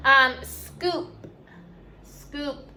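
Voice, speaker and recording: Bright, slow-speaking woman teacher. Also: high-pitched, slight background noise. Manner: slow, spells words letter by letter, mixes in Spanish words. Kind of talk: online class lesson.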